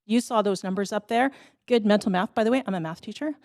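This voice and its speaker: A woman's voice: medium pitch, fast, darkish tone, no room sound, clean studio sound. A woman in her thirties or forties speaking at a city council public hearing, impassioned and pleading, with brief laughs.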